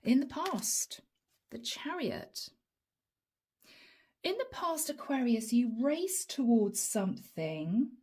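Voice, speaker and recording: A woman's voice: on the high side, big pitch swings, takes it slowly, long pauses, a little mellow, breathy edge. A woman giving a chatty tarot reading straight to her viewers, laughing often and calling them guys. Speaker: tarot reader.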